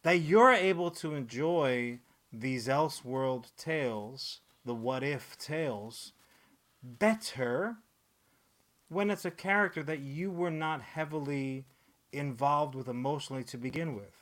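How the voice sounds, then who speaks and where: A man co-hosting a podcast, rambling and swearing freely, cracking jokes in quick bursts. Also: medium pitch, a bit bright. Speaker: podcast co-host. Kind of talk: casual podcast chat.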